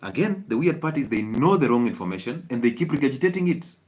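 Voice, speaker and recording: A man's voice: medium pitch, sing-song, fast talker, a little mellow. A man with a Kenyan accent, a doctor giving an emphatic, rhetorical health talk that repeats its points for effect.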